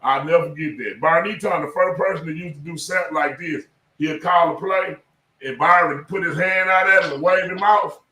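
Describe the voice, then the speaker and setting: Brief: middle-aged man, ex-football coach, emphatic and profane storyteller, slightly raised pitch, echoey room, voice a bit far from the mic. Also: fairly quick, bright, forceful tone. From South Dallas, Texas. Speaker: former high school football coach. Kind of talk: casual podcast storytelling.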